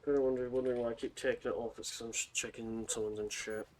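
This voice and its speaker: Quick, quiet male streamer. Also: mid-range voice, flat delivery, slight background noise. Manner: quiet, rambling asides. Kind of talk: casual gameplay commentary.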